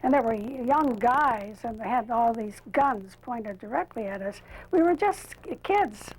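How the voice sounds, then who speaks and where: Breathy older woman recalling a strike. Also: on the high side, lively intonation, unhurried, poor audio. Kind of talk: interview recollection.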